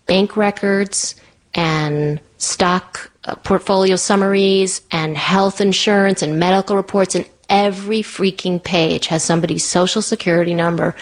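A woman telling a personal story with animated, breathless, self-deprecating energy. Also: lowish voice, moderate pace. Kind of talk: personal story told to an audience.

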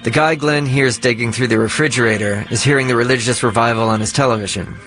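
A man giving scripted documentary narration in a measured, even delivery. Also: medium pitch, faint music behind.

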